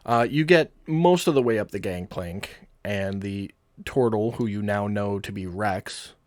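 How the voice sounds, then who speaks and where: A man narrating as game master in a tabletop game, calm and matter-of-fact. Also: on the low side, unhurried, no room sound.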